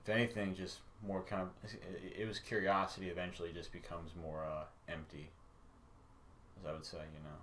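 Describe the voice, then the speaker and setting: Lower-pitched but bright, tense-toned co-host, halting, faint hiss. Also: male voice, little pitch movement. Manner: hesitant, full of fillers, trailing off. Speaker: podcast co-host. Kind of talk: casual chat.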